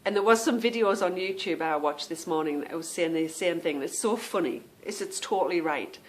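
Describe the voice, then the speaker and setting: A woman's voice: on the low side, fairly quick. A woman hosting a podcast, talking casually in a chatty, self-amused way and explaining things with plenty of fillers. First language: English. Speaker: podcast host. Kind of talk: casual monologue.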